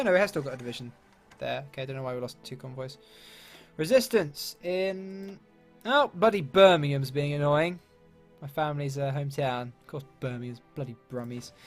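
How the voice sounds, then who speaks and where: Chatty man, slightly high voice. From London, England. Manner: chatty, upbeat, British slang and mild swearing. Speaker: gaming YouTuber. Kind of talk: let's-play commentary.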